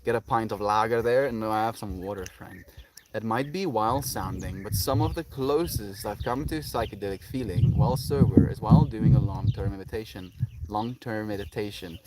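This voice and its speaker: A man's voice: on the low side, moderate pace, very noisy. A young South African man chatting on a casual live stream, reading chat aloud and cooing baby talk at his puppy outdoors.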